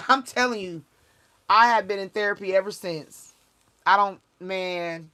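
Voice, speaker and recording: A woman's voice: medium pitch, fairly even intonation, moderate pace, bright, forceful tone. Woman livestream host, spiritual reader, emphatic and preachy, casual and rambling.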